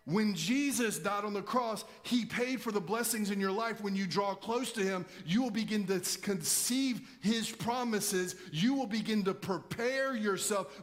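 High-voiced man preaching emphatically. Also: a bit bright. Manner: emphatic preaching, rhetorical questions to the congregation. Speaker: pastor. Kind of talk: sermon.

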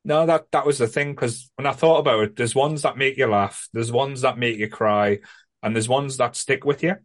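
A man's voice: medium pitch, normal speed. A man with a Northern English accent hosting a podcast, joking, laughing often and steering the chat. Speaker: podcast host. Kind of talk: casual chat.

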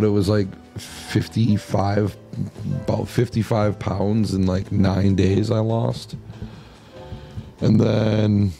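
Gravelly mellow guy on a podcast, chill and swearing, lots of pauses. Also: lowish voice. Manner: laid-back, profane, drawn-out pauses. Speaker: podcast co-host. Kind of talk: casual chat.

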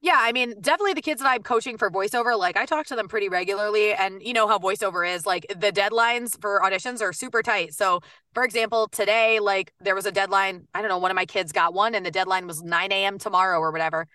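A woman voice actor and coach talking in a casual podcast interview, chatty and upbeat with quick bursts and lots of fillers. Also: mid-range voice, sharp tone, no echo, studio quality, recorded from a distance.

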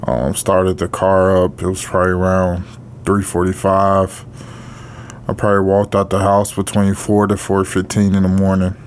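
A middle-aged man co-hosting a podcast, telling a personal story in a halting way, with frequent pauses, fillers and blunt casual profanity. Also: low voice, completely flat delivery, a little hiss or hum. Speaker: podcast co-host.

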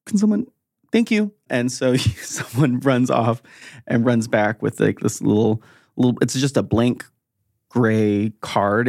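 A game master describing a tabletop scene in a loose, rambling way, with plenty of ums and likes. The voice sits at a middling pitch and is recorded close and dry. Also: gravelly, no room sound. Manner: relaxed, rambling description with fillers.

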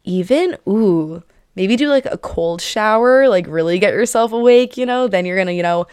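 A woman's voice: mid-range voice, lively intonation, normal speed, a little mellow, clear, resonant tone, no room sound. A bubbly young woman in her twenties hosting her own podcast, chatting with lots of fillers and little giggles. She sounds slightly out of breath. The sound is dry and close to the mic. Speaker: podcast host. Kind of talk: casual chat.

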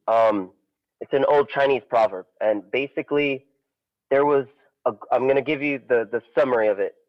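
A man casually telling a parable on a podcast, animated and relaxed. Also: mid-range voice, moderate pace. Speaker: podcast co-host. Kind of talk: casual storytelling. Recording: dull lo-fi audio.

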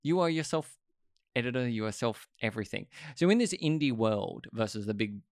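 A man hosting a casual conversation, talking in a relaxed way with many fillers. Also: mid-range voice, brisk, no echo, clean studio sound. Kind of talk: casual chat.

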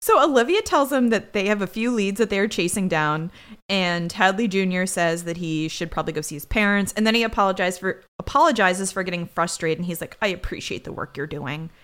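A woman's voice: mid-range voice, a little fast, a bit bright, clear, resonant tone. A woman co-hosting a podcast, casually recapping a TV episode with sarcastic asides. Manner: chatty, sarcastic asides while retelling the plot. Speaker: podcast co-host.

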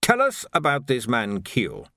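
A man's voice: mid-range voice, wildly swooping pitch, unhurried, bright, forceful tone, dry recording, studio quality, full character voice. A man voicing a pompous, easily flustered army major who talks in an indignant officer's manner.

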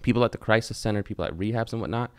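Deep-voiced man, candid casual talk. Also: very fast, clear, resonant tone, no echo, clean studio sound. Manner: candid, swears freely, talks in rambling bursts. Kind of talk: casual conversation.

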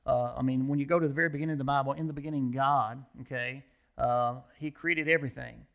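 A man preaching a sermon in a slightly higher voice than most men. He teaches conversationally, then lifts his voice as he reads scripture aloud, pausing to let the listeners finish his phrases. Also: a bit bright. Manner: asks the congregation to fill in words. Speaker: pastor.

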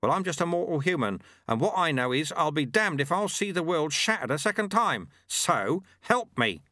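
A man reading an audiobook, voicing a fierce bald old monk who grabs and shouts at his apprentice. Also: a little high, very animated, moderate pace, no echo, studio quality, voice pushed up. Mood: urgent shouting. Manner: shouting, urgent, gruff.

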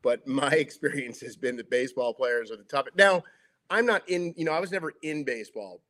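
A middle-aged sportscaster spins loose anecdotes, leaning on "like" and "you know" as he goes. His pitch sits in an ordinary middle range for a man, and he slips into other people's voices to act out conversations. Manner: lively storyteller acting out quotes, many "like" fillers. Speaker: sports broadcaster. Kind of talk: casual anecdotal storytelling.

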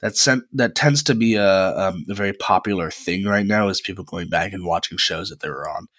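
A man in his twenties hosts his own podcast alone, talking in a chatty, rambling way with frequent pauses into a close mic. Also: sits low, fairly bright tone, no room sound. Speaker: podcast host. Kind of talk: casual solo podcast monologue.

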